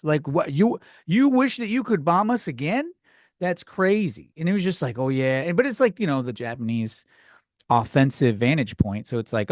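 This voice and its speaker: Hosting his own comedy podcast, a man with a slightly high voice rambles in a scattered way, hopping between ideas and making fun of himself. It's a clean studio recording without any echo.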